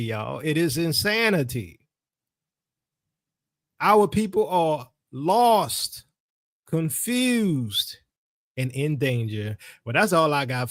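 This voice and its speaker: A man teaching his followers in a loose, colloquial monologue, his voice swinging widely up and down as he tells his story. His pitch sits somewhat high for a man. The sound is close and dry, with no room around it. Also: a bit bright, no room sound. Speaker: religious teacher. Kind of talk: casual religious commentary monologue.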